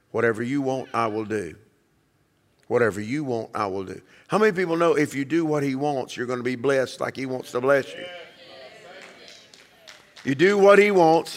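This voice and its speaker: Preaching from the pulpit, this man speaks emphatically, performs the voices of the people he quotes, and sinks low for hushed moments. His words trail off into a long reverb tail.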